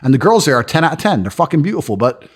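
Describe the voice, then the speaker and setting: A man's voice: on the high side, sing-song, rapid-fire, husky. A man who is a podcast guest, boastfully telling stories in a brash, crude way and acting out other people's lines. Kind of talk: boastful storytelling in casual chat. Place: lives in London.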